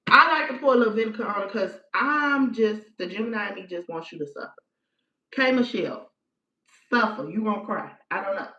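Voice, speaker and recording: A woman's voice: mid-range voice, fairly bright tone. A woman giving blunt, profane, emphatic how-to instructions in a casual livestream. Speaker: spiritual practitioner. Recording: echoey room, dull lo-fi sound.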